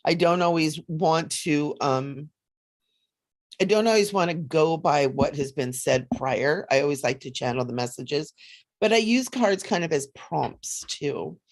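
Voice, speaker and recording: A woman hosting a casual psychic livestream, chatty and animated, often laughing as she reads cards. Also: deep voice, unhurried. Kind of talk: casual livestream chat with card readings.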